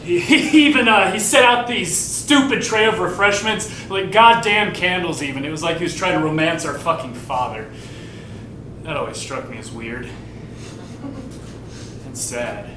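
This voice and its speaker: A man's voice: moderate pace, pushed and bright. An actor playing a bitter, profane man telling a rambling, sardonic family story to a live theater audience. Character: bitter, foul-mouthed grown man confiding a family story. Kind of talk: live stage play monologue to the audience. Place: theater stage. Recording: echoey live theater, far from the mic, rumbling noise.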